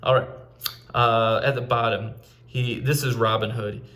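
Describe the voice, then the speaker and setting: A man's voice: medium pitch, level tone, a little slow, fairly bright tone. A man teaching a recorded literature lesson in a casual way, with frequent fillers and restarts. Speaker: English teacher.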